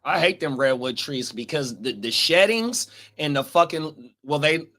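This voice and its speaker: A man's voice: a little high, lively intonation, measured pace, bright, forceful tone. A man co-hosting a casual podcast, talking bluntly in slang and reading viewer comments aloud. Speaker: co-host.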